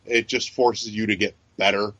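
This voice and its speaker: A man with a fairly low, level voice speaks at normal speed, his tone bright and forceful. As a podcast co-host he chats casually, rambling, swearing and leaning on fillers and restarts. The recording is dry, yet dull and lo-fi.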